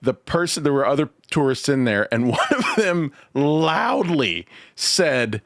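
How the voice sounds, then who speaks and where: A man's voice: medium pitch, big pitch swings, unhurried, no echo, studio quality. A man hosting a casual comedy podcast, laughing often as he talks. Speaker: podcast host.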